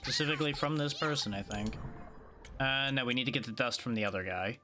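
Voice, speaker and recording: A tired man streams a video game, yawning and thinking aloud in laid-back, sleepy, casual gameplay commentary. His medium-pitched voice moves fairly quickly, with music playing in the background.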